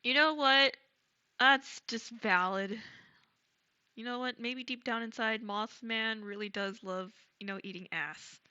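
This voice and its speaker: Bubbly bright-voiced woman streamer. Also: fairly high pitch, a little slow, clean tone, dull audio. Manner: bubbly and gushing, thanks chat excitedly. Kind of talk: casual live-stream chat while gaming.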